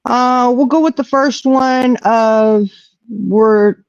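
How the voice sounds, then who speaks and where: A woman's voice: on the high side, steady tone, slow, dry recording. An older woman, a grandmother, hosting a casual chat in a folksy way, often saying "you know". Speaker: host. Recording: dull lo-fi audio.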